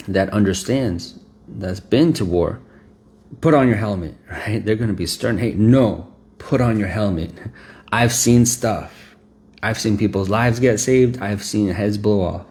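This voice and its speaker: A man's voice: on the low side, a little mellow. A man preaching a sermon in an emphatic, conversational way, repeating phrases and often checking in with "right?".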